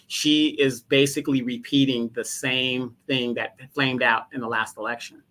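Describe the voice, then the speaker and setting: A man's voice: medium pitch, little pitch movement, moderate pace, bright, forceful tone. A man co-hosting a livestream, giving casual political commentary and asking pointed rhetorical questions. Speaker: livestream co-host.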